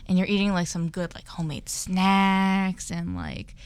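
A woman's voice: lowish voice, expressive, a little slow, clean tone. A woman hosting a casual group chat, talking loosely with many fillers. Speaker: host.

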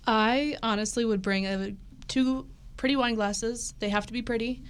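A woman's voice: on the high side, steady tone, normal speed, clear, resonant tone. A twenty-one-year-old woman in a casual group chat, enthusiastic about her plans.

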